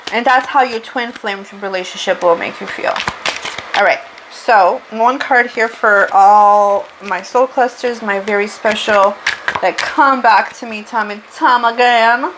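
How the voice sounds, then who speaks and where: A woman with a Portuguese accent gives a spiritual card reading in a loose, rambling way, stopping to correct herself as she talks. Her voice sits somewhat high. A faint hiss runs under the recording. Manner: chatty, rambling, self-correcting. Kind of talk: casual tarot reading monologue.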